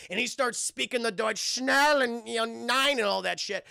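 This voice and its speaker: A man's voice: extremely high pitch, normal speed, gravelly, few pauses, bright, forceful tone, clear, resonant tone, no echo, studio quality. A man giving a rambling, profane scene-by-scene film recap, constantly talking to his chat. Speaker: film reviewer streaming to chat.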